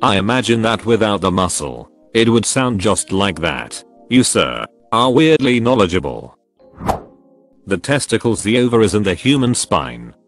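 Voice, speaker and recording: A man narrating online posts in a flat, evenly paced scripted read. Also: fairly low pitch, normal speed. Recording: faint music behind.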